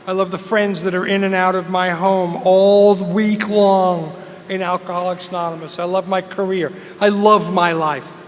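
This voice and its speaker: A man's voice: high voice, flat delivery, moderate pace. A middle-aged man, earnestly sharing his personal story as a speaker at a recovery meeting in a large hall. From England. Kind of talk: personal testimony talk. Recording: long hall reverb, faint noise.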